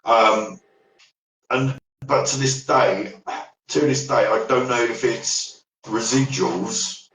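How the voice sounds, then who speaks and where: Man, deep voice, rambling paranormal storyteller, recorded off-mic in an echoey room. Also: slow, a bit bright, recorded from a distance. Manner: rambling storyteller, trails off and restarts. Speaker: paranormal investigator guest. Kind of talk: casual podcast chat.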